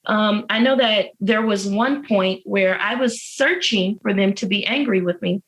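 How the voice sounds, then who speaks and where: A woman's voice: mid-range voice, measured pace, low-quality recording. A woman being interviewed from jail, speaking about her life with earnest, faith-filled emphasis and repeated phrases, moved close to tears. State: emotional. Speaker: interview guest, incarcerated mother. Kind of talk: heartfelt personal testimony.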